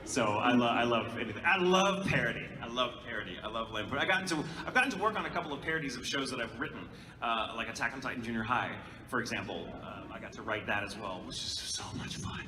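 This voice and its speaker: A man, a voice actor, telling lively anecdotes on a convention panel and dropping into accents as he goes. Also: mid-range voice, quick pace. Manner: animated storyteller, jumping into accents and voices. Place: large convention hall. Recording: echoey hall, voice from far off, background noise.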